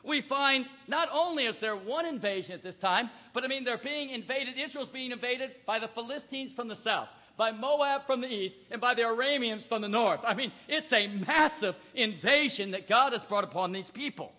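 A man's voice: very high-pitched, normal speed, few pauses, sharp tone. A man preaching a sermon, reading scripture aloud and emphatically acting out voices. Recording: echoey hall, dull lo-fi recording.

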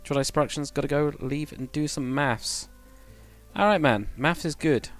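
A man's slightly high voice moves at a normal speed over soft background music. He is building on a live stream and chatting loosely with viewers, rambling and self-correcting along the way.

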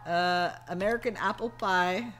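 A woman streamer keeps up casual, joking chat while gaming, bantering with her viewers and cohost against background music. Her voice is lowish and a little slow.

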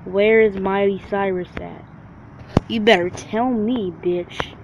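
A man narrating his gameplay in a brash, trash-talking way, cursing at everyone on screen. His voice sits at an ordinary pitch for a man. The recording sounds dull and lo-fi, with a faint hiss underneath. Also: fairly even intonation, takes it slowly, vocal fry. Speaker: gamer. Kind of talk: profane let's-play commentary.

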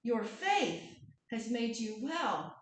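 A woman voicing a calm, compassionate male healer in a gentle tone. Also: on the high side, takes it slowly. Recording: echoey church hall from far off.

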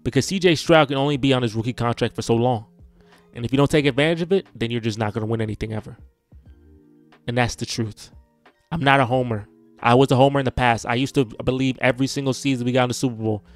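A man's voice: mid-range voice, steady tone, fast, faint music behind. A man, a sports content creator, giving a blunt, frustrated, unscripted rant and repeating himself.

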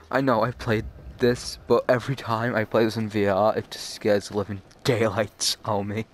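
A man's voice: lowish voice, little pitch movement, moderate pace. A man casually commenting while playing a horror game, chatty and jokey. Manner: chatty, jokey, easily startled. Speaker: gamer.

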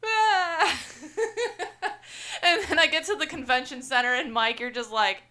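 A woman co-hosting a podcast, telling animated stories, acting out quotes and laughing often. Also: high-pitched, brisk. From Chicago area. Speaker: podcast co-host. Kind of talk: casual podcast chat.

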